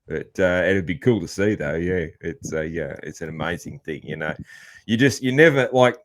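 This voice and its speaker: A man's voice: deep voice, lively intonation, normal speed. A man with an Australian accent hosting a casual podcast interview, laid-back and rambling. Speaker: podcast host.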